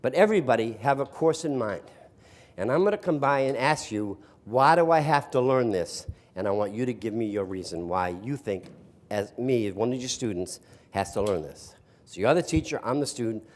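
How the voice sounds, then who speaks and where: A man's voice: mid-range voice, expressive, fairly quick, a little mellow. An older man from the East Coast, a sarcastic storyteller who speaks to an audience of teachers and asks them questions. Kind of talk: storytelling workshop talk. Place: room with a live audience.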